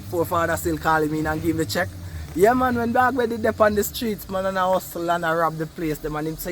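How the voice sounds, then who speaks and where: A Jamaican man telling a story in lively patois, acting out the people he quotes. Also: sits high, fairly quick, a little hiss or hum. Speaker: cast member interviewee. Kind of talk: animated storytelling.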